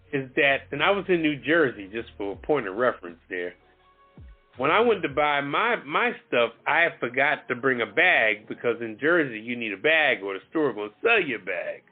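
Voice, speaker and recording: A man co-hosting a talk show, telling a story in an animated, emphatic way and swearing freely. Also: mid-range voice. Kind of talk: casual storytelling chat. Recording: phone-like lo-fi audio with faint music.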